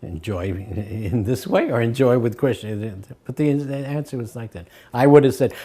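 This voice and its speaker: An older man sharing remembered anecdotes, his voice mellow and dark. He slips into quoted voices and lets a chuckle through as he goes. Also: mid-range voice, normal speed, hardly any pauses. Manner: acts out quoted voices, chuckles between stories. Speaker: devotee recalling memories. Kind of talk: anecdotal storytelling.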